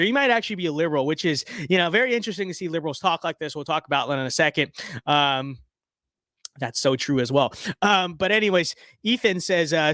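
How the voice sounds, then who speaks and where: A man's voice: high voice, pushed and bright, dry recording, studio quality. A man ranting on a live stream, reading chat comments aloud with heated sarcasm and frequent restarts.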